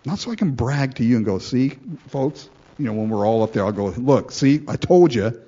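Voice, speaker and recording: A man preaching a sermon in a lively way, acting out quoted prayers and laughing between lines. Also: medium pitch, a little fast, dull audio. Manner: animated, acts out quoted prayers, laughs often.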